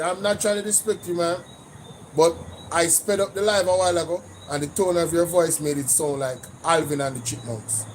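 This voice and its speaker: A man with a Jamaican accent hosting a casual livestream, animated, mixing patois with English and repeating "you know" often. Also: sits high, a little hiss or hum, poor audio. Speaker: livestream host.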